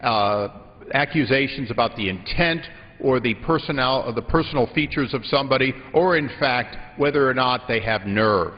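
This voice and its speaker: Man, mid pitch, formal procedural tone, long hall reverb, muffled broadcast audio. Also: normal speed. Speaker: congressman managing floor time. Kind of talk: floor debate.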